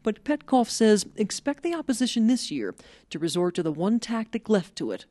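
A woman correspondent reading a scripted radio news report in a measured, even delivery. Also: medium pitch, no room sound.

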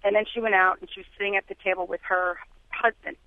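A woman's voice: mid-range voice, flat delivery, fast, no room sound. A woman calling in to a radio show, telling a story about herself in a candid, self-deprecating way. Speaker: caller. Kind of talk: phone-in storytelling. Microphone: telephone. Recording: tinny phone line.

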